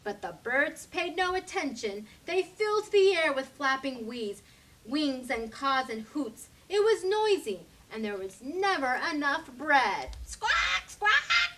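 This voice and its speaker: Woman library storyteller, slow animated read-aloud, high bright voice, distant mic. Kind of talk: children's story reading.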